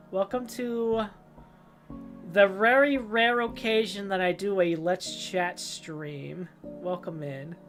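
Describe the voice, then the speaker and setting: A young woman streamer rambling casually about old cartoons and games, telling stories in an animated way and often breaking into silly voices. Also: mid-range voice, creaky. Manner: rambling, animated storytelling with goofy character voices. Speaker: livestreamer.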